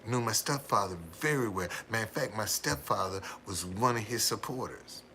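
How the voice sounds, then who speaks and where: A man's voice: on the low side, expressive, moderate pace, vocal fry, pushed and bright, slight background noise. A man hosting a livestream, telling a rambling story to his viewers, repeating words and laughing often. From United States. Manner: gives frequent hearty laughs. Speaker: livestream host.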